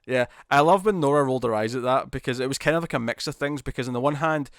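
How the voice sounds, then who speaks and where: Male co-host, casual TV chat, excitable retelling, mid pitch, dry close sound. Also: no room sound. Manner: animated, laughing, quick retelling with acted quotes. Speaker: podcast co-host. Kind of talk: casual chat about TV episodes.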